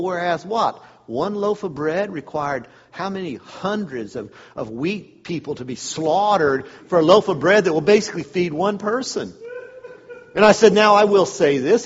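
A man gives a funny sermon-style talk, acting out stories with sarcastic asides. His voice is a little husky and swings widely in pitch. The sound is muffled, with a long echo in a large hall. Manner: storytelling, animated, sarcastic asides. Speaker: speaker at a men's church event.

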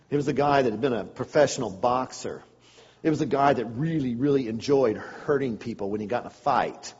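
A man telling a humorous personal story to a live audience, swinging between loud outbursts and hushed asides. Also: medium pitch, husky, long reverb tail, dull audio.

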